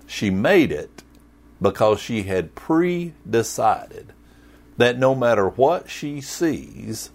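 A male pastor delivering a sermon in a slow, deliberate rhythm. His fairly low voice swings widely in pitch as he tells the story with jokes and folksy sayings. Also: vocal fry.

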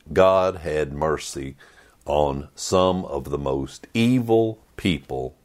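A man, a pastor, preaching a sermon on a passage, reading it out and acting out quoted lines dramatically. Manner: dramatic, voices quoted complaints with rising pitch.

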